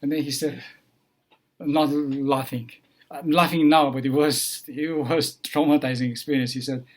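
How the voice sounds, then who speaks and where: A man telling a personal story in a halting way, full of pauses and fillers, slowing down for tension. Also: fairly high pitch, fairly even intonation.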